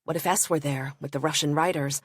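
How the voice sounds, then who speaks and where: A woman narrating a first-person diary in a measured, introspective audiobook reading. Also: fairly even intonation, slightly rough, no room sound, studio quality. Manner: measured, introspective reading with soft low asides.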